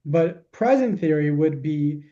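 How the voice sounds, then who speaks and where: A man's voice: a little high, lively intonation, a little slow, dark tone, muffled recording. A man teaching a class, patiently explaining ideas and answering questions step by step.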